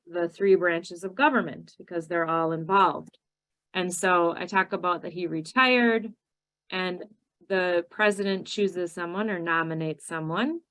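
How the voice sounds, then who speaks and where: A woman with a Minnesotan accent, giving a teacher training session and explaining her methods, slowing down to stress key words. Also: medium pitch, a bit bright, rough recording.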